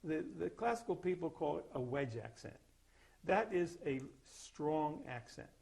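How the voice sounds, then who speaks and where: With a slightly high, expressive voice that is gravelly and darkish in tone, an older man teaches a percussion master class at a measured pace. He describes each articulation, then demonstrates by singing or playing brief example notes.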